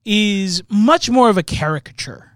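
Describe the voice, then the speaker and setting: A man's voice: high voice, expressive, a little slow, no room sound, studio quality. A man co-hosting a casual movie review podcast, rambling and often tagging his points with "right?". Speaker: podcast co-host.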